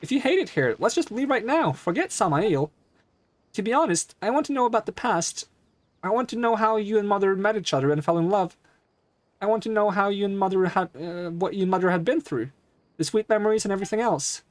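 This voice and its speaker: A man's voice: sits high, animated, brisk, no room sound, voice pushed up. A man voicing an earnest young daughter who pleads with her devoted father. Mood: pleading.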